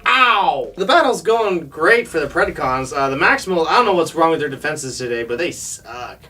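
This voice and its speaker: A man on a casual review show rattles through the episode, cracking jokes and doing quick silly voices for the characters. His voice sits a little high, and he is picked up from a distance with faint music running behind him. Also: animated, bright, forceful tone, husky. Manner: jokey, recaps scenes with goofy quoted voices. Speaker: podcast co-host.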